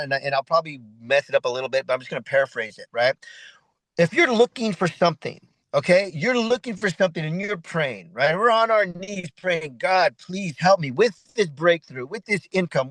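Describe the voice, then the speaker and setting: A man's voice: a little high, a bit bright, no room sound, rough recording. A middle-aged man giving a motivational talk as an event host, preachy and repetitive, often adding "right?". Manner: repetitive, preachy, full of 'right?' asides.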